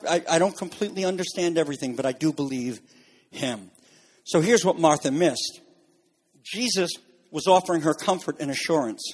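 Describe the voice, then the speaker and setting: A man preaching a sermon as a pastor, earnest and explanatory, pushing his voice higher for emphasis. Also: breathy edge. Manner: earnest, rises in pitch for emphasis. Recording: long reverb in a large room.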